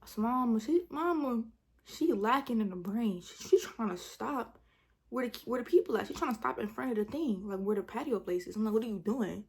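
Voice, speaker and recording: A woman's voice: fairly high pitch, fairly quick, breathy edge. Young woman telling a storytime with AAVE. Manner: animated, dramatic retelling with acted-out quotes; drops to a whisper for asides. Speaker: vlogger. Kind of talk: casual storytime chat.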